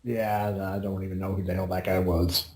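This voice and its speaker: A man's voice: low-pitched, level tone, moderate pace, darkish tone. Man, podcast co-host, rambling, swears a lot, echoey room sound. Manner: rambling, swears and laughs often. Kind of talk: casual nerdy chat. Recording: roomy echo.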